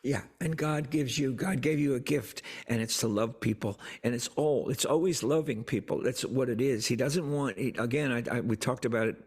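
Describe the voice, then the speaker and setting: A man's voice: mid-range voice, moderate pace, few pauses, a little mellow, breathy edge. An older man, a songwriter, talking casually and earnestly about faith, often repeating words as he tells a story. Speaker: songwriter guest.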